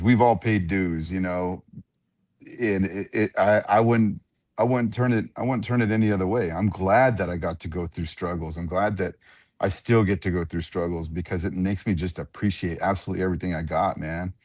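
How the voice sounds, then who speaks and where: A man, an octagon announcer, telling animated stories in a casual radio interview and often repeating his words. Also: low-pitched, fairly quick. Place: radio studio.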